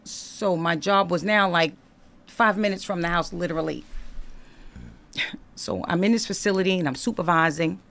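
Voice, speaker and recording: Animated woman with a gravelly edge. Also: fairly low pitch, moderate pace. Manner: animated, conversational, acts out dialogue in her retelling. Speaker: guest telling her life story. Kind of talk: candid storytelling in a podcast interview.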